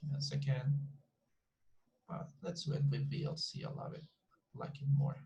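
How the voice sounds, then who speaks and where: A man's voice: medium pitch, moderate pace, noisy background. A man teaching an online English class, talking in a chatty, repetitive way and often checking in with his students. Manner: chatty, repetitive, asks the class frequent questions.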